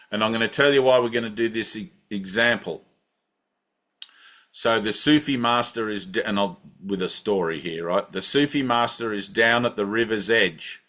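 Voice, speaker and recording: A man in a middle-pitched voice, teaching a spiritual gathering in a loose, conversational way. He guides a breathing exercise and often checks in with "right?". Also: bright, forceful tone. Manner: conversational, keeps asking "right?". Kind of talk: satsang talk with guided breathing.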